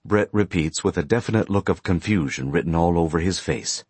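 A man narrating a story in a steady, plain storytelling manner. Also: deep voice, fairly quick, few pauses, slightly rough, no echo. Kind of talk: audiobook narration.

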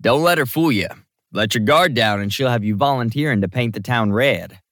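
A man's voice: mid-range voice, moderate pace, no room sound, studio quality, natural voice. A man reading an audiobook, voicing a teasing, affectionate young man who jokes easily. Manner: joking, relaxed.

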